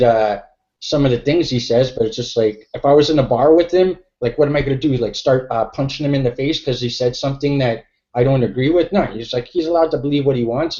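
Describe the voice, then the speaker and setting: A man's voice: medium pitch, warm tone. Rambling man on a lo-fi call. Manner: rambling, filler-heavy, sweary. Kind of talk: casual online discussion.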